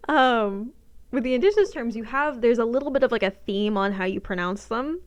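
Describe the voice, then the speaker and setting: A woman's voice: on the high side, expressive, moderate pace, slight background noise. A woman from Washington State, streaming and chatting casually as she reacts to a video, swearing freely and laughing often.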